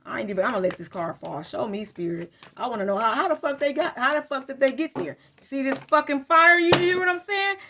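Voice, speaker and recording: High-voiced, blunt, swearing woman tarot reader. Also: lively intonation, brisk, few pauses, noisy background. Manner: blunt, profane, fired-up. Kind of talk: casual live tarot reading. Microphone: phone.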